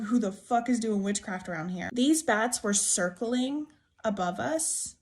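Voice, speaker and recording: A young woman telling a true ghost story to camera in a casual, emotional, rambling way, full of "like" and restarts. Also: a little high. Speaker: TikTok storyteller.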